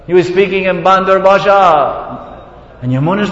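A man giving a devotional scripture class, reading passages and retelling stories in an animated way. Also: normal speed. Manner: storytelling, switches between reading and animated retelling. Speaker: lecturer on scripture. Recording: echoey hall, dull low-fi sound.

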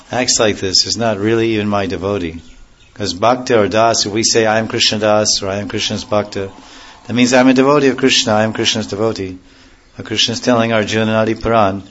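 Low-voiced man giving a devotional lecture. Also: fairly bright tone, lo-fi sound. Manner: measured, explanatory, with repetitions and restarts. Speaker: religious teacher.

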